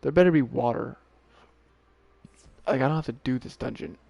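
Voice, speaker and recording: A man streaming a video game, talking casually to himself and to the characters on screen, swearing often and getting worked up quickly. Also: medium pitch, creaky, mellow. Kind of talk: casual gameplay commentary.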